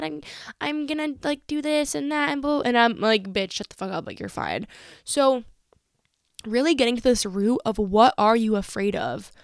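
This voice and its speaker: A woman's voice: mid-range voice, smooth, no echo, clean studio sound. A young woman hosting a podcast, giving candid, motivational advice in casual slangy talk. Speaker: podcast host.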